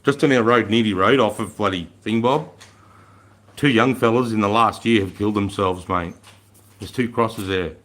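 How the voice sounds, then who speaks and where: A man's voice: fairly low pitch, normal speed, a bit bright. An Australian man in his forties, chatting casually and bluntly with viewers on a livestream, swearing freely and calling people mate and bro. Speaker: livestream host.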